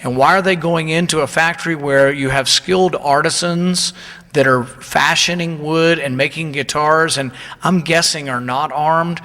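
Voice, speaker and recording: A man's voice: fairly high pitch, moderate pace, sharp tone, long reverb tail. A man giving an indignant, emphatic public speech and telling stories of ordinary people.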